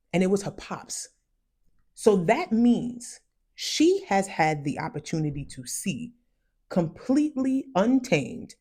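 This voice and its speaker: A woman from the United States with West Indian parents, giving casual psychology commentary in a conversational, emphatic way and slowing down to stress key phrases. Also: deep voice, warm tone, breathy edge. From United States, raised by West Indian parents. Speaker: commentary vlogger.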